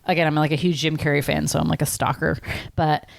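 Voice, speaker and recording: A woman's voice: deep voice, flat delivery, quick pace, gravelly, no room sound. A woman co-hosting a podcast, talking casually and enthusiastically as a fan, filling her speech with "like". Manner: enthusiastic fan, heavy use of "like". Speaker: podcast co-host. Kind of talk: casual chat.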